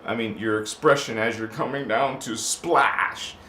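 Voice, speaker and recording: The host, a middle-aged man, has a mid-range voice that's bright and forceful, and he keeps a measured pace. On his live stream he reads comments aloud, drifts into rambling tangents and laughs often, against a roomy echo with a little hiss or hum.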